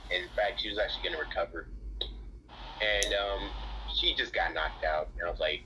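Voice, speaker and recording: A man casually telling a role-play story in an animated, rambling way. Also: low voice, normal speed. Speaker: storyteller in a what-if collab. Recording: dull lo-fi mic, faint hiss.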